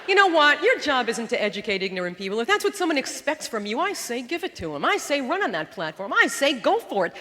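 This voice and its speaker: A woman doing live stand-up comedy with a sharp, punchy delivery and mocking put-on voices. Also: fairly high pitch, sing-song, fast talker, hardly any pauses, slight background noise. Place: theater stage before a live audience. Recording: roomy live show recording with crowd.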